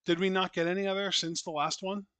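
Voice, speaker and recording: A man co-hosting a casual wrestling podcast, wry and teasing, with quick jokes. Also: high-pitched, level tone, fairly bright tone, clear, resonant tone, no room sound. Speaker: podcast co-host.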